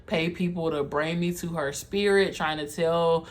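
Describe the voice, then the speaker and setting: A young adult video creator candidly telling a personal story, heartfelt and halting, speaking straight to viewers as y'all. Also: mid-range voice, fairly even intonation, a little hiss or hum. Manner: halting, with frequent um and like.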